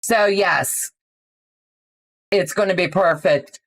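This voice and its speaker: On a casual livestream, a middle-aged woman spins a story conversationally, laughing regularly and greeting viewers individually. Her voice is lowish and she speaks slowly.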